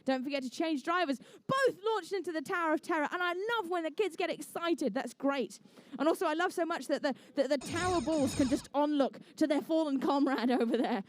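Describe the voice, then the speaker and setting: Playful high-voiced English woman commentating. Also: brisk. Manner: playful, chatty, jokey asides. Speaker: referee and match commentator. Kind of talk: live event commentary. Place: indoor competition venue.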